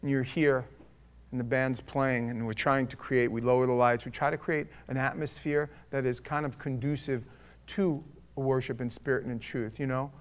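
A man's voice: mid-range voice, fairly even intonation, moderate pace. Wry, conversational male pastor preaching. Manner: conversational, wry and humorous, swinging between loud and hushed. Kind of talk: sermon.

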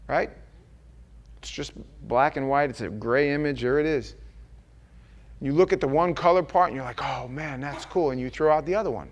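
A man preaching a sermon in church, earnest and conversational, acting out the voices he quotes. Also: fairly high pitch.

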